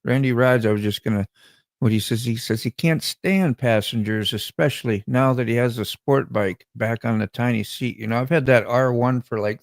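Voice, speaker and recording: A man's voice: mid-range voice, no echo, clean studio sound. An American man chatting casually on a livestream in an easygoing, agreeable way. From United States. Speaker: livestream co-host. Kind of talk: casual chat.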